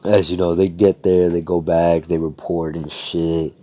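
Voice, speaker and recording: Young man, low voice, mellow tone, rambling profane storytelling, voice chat mic. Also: flat delivery, a little slow, a little hiss or hum. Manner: rambling, profane, acts out characters' lines. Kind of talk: casual improvised fan-fiction storytelling. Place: Discord voice chat. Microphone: headset or desk mic on voice call.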